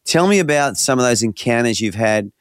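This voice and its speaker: A man interviewing a guest, asking relaxed, prompting questions in a conversational way. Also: mid-range voice, a little fast, no room sound, studio quality.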